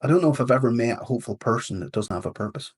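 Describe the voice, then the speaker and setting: A leadership coach from Northern Ireland, speaking with a Northern Irish accent, tells a story as a guest in a casual podcast interview, giving animated quotes within a fable. His medium-pitched voice races along and sounds slightly rough.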